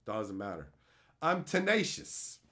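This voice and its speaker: This man's voice is low and his pace slow as he chats casually with viewers during a live stream. An entertainer by trade, he swears freely, stays animated, and laughs often.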